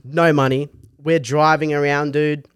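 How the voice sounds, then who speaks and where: Young Australian male co-host, slightly high voice, dry recording, crude laughing storyteller. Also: little pitch movement, measured pace, clean tone, no room sound. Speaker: podcast co-host. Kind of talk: casual chat, storytelling.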